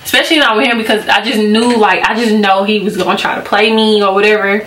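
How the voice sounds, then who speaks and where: A woman's voice: mid-range voice, fairly even intonation, quick pace, few pauses, fairly bright tone, echoey room, a little hiss or hum. A young woman chatting casually as a beauty vlogger, giggling often and using lots of fillers. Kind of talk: casual storytelling and skincare chat.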